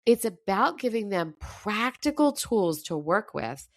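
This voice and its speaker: A woman's voice: medium pitch, big pitch swings, measured pace, no echo, clean studio sound. A woman coach giving a fired-up motivational talk, her voice slightly scratchy. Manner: emphatic, fired up. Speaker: mental performance coach.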